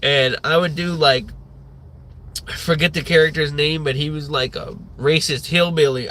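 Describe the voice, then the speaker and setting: Bright-voiced man ranting on a livestream. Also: a little high, steady tone, moderate pace. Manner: rambling, profane, many fillers. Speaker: livestream host.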